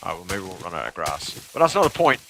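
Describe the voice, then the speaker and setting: A young man giving casual live commentary while he plays a game, excitable and laughing often as he chats to viewers. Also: low voice, fast talker, a little hiss or hum. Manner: excitable, giggly, chatting to viewers. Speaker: gaming streamer.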